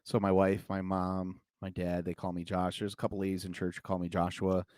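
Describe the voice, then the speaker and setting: A man's voice: low-pitched, completely flat delivery, fairly quick, darkish tone, dry recording, clean studio sound. A man, a pastor, chatting casually and joking, telling a story with put-on voices. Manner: jokey, tells stories with put-on voices. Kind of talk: casual chat.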